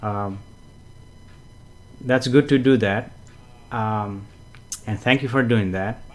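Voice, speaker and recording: A man hosting a casual live stream, greeting viewers and reading their comments, chatty and gently explanatory with frequent fillers and soft chuckles. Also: fairly low pitch, slow. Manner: gently explanatory, repeats himself for emphasis. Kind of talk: casual live-stream chat with spiritual teaching.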